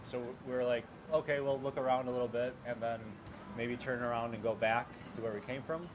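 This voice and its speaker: Measured young man with noisy background. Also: mid-range voice, steady tone. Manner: measured, hesitant with many "uh"s. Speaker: hostel guest telling a story. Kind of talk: casual storytelling. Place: hostel common area.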